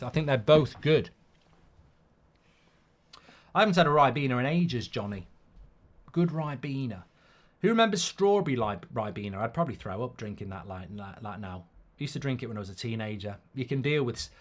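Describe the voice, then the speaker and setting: A middle-aged man, hosting a football watchalong in a rambling, sweary, casual live-stream chat. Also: medium pitch.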